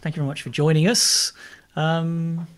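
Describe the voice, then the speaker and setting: A man's voice: on the high side, flat delivery, normal speed. A man hosting a casual chat podcast, steering the talk and signing off to listeners. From United Kingdom. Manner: leads the talk and wraps up with listener sign-offs. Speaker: podcast host.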